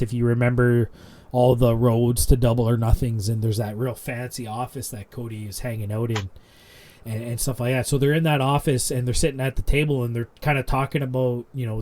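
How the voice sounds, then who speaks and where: A man co-hosting a casual wrestling podcast, rambling and animated as he retells a segment, full of restarts. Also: mid-range voice. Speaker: podcast co-host.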